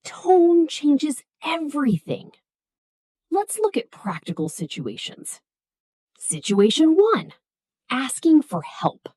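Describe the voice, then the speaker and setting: High, lively woman teaching English slowly. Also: no room sound. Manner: slow, clear, model-sentence delivery. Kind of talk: scripted English lesson for beginners.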